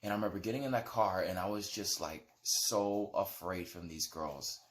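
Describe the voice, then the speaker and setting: A man casually retelling a dream in a rambling, animated way, with lots of "like" and "right?". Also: low voice, moderate pace. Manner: animated storytelling. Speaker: vlogger.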